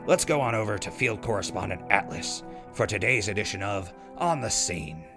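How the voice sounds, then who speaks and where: A man's voice: lowish voice, lively intonation, moderate pace. A man voicing a sardonic male ghoul radio host who reads ads and adds dry, wry asides. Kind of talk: scripted radio DJ patter. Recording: radio show with music behind.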